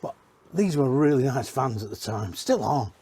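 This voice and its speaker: A man's voice: medium pitch, animated, normal speed, dark tone, a little hiss or hum. Chatty man touring caravans. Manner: chatty, rambling, corrects himself mid-sentence. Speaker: caravan industry reviewer. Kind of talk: casual walk-around tour. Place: inside caravans at a dealership.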